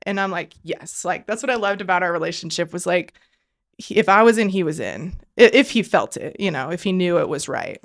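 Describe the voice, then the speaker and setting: A woman in her thirties, a podcast guest, telling an emotional personal faith story in an earnest way with lots of fillers, often going hushed when she quotes her prayers. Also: lowish voice, expressive, a little fast.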